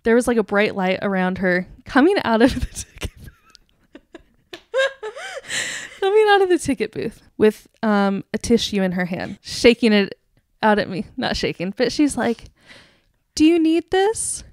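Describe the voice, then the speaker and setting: A young woman co-hosting a podcast, telling a story in a casual, animated way, laughing and acting out quotes. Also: medium pitch, unhurried, pauses often, no echo. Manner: animated, giggly, acts out quotes. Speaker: podcast co-host.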